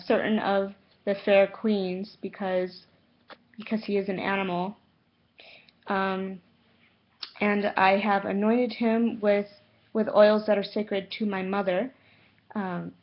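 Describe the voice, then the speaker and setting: Woman, spiritual vlogger, slow and halting with lots of fillers; lo-fi home recording. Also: mid-range voice. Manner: halting, many fillers and self-corrections; slow and unhurried. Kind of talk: casual talk to camera. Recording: dull lo-fi home video sound.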